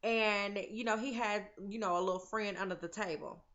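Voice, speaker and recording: Speaking at a normal speed with a medium-pitched voice, a woman vlogs a casual, chatty recap of a TV episode. She stays animated and performs the characters' lines herself. The audio is lo-fi and slightly dull.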